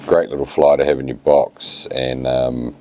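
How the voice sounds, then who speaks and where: A man with a New Zealand accent talking casually through a fly tying tutorial, relaxed and plain-spoken with many fillers. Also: very deep voice, unhurried, a little hiss or hum.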